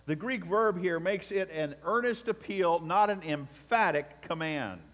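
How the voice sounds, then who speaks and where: A man's voice: sits high, a little slow. Preaching man in a reverberant church. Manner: emphatic preaching with swells and drops in loudness. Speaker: pastor. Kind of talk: sermon. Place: church sanctuary. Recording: long reverb in a hall.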